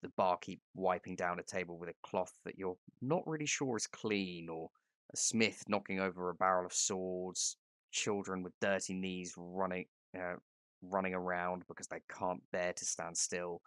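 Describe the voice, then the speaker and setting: A man's voice: low-pitched, steady tone, moderate pace, fairly bright tone, no room sound, studio quality. A man co-hosting a casual discussion about game mastering, talking with enthusiasm and vivid description. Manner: enthusiastic, descriptive, agreeing readily.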